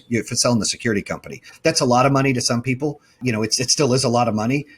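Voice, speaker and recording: A man's voice: medium pitch, breathy edge. A man being interviewed as a company founder, telling his story in a blunt, emphatic way and often correcting himself mid-sentence.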